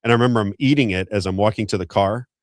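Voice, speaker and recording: Low-voiced guy hosting, rattles off ads real quick, dry close mic. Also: dry recording. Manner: fast, chatty, folksy sponsor plugs. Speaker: show host. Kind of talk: unscripted talk-show ad reads and banter.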